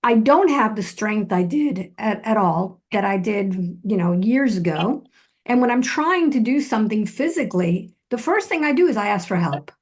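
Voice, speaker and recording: A woman's voice: mid-range voice, lively intonation, normal speed. A middle-aged woman hosting a casual chat, speaking earnestly and reflectively, often restarting her sentences. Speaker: host. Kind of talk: casual conversation.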